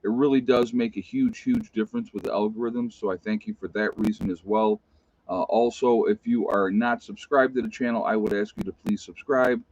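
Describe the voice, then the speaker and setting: A middle-aged man with an Appalachian American accent hosts a casual livestream, rambling, losing his train of thought, and reading the chat aloud. His lowish voice is steady, a little mellow, and fairly quick. The audio sounds dull, dry, and slightly lo-fi.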